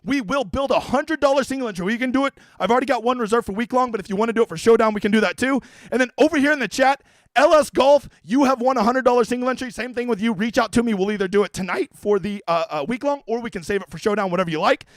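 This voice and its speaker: A man's voice: extremely high pitch, fast, dry recording, low-quality recording. A man streaming about fantasy golf, brash and profane, out of breath. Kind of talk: hyped comedic stream talk.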